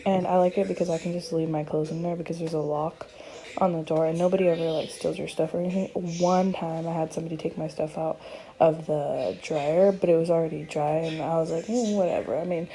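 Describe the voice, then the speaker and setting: A young woman with a slightly hoarse voice, chatting casually in a vlog from her apartment, rambling with lots of fillers. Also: on the low side, dark tone, poor audio. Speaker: vlogger. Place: apartment, indoors.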